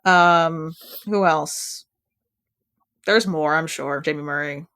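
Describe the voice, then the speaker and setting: Chatty woman podcaster, rambling and animated. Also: deep voice, takes it slowly. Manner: rambling, animated, trails off mid-sentence. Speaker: podcast co-host. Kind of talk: casual chat.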